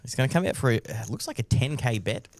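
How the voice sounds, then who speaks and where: A man's voice: medium pitch, very animated, fast, gravelly, a little mellow. A man doing live poker commentary, chatty and teasing his co-host.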